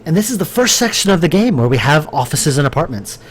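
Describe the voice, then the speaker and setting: A man's voice: on the high side, sing-song, fast, slight background noise. Man rambling while working on stream. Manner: thinking aloud, rambling with many fillers and restarts; chatty, answers viewer chat. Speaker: game developer streaming his work. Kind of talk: casual live-stream commentary while working.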